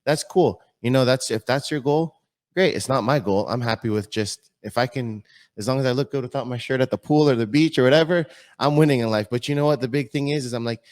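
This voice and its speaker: A man guesting on a casual podcast speaks earnestly and with excitement, often restarting and repeating words. His voice sits at an ordinary middle pitch. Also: fast talker. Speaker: podcast guest, fitness model.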